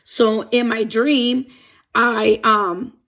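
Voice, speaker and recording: A woman's voice: fairly high pitch, fairly even intonation, extremely slow, gravelly, fairly bright tone. A young adult woman telling a personal faith testimony, emotional and rambling with many fillers. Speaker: testimony vlogger.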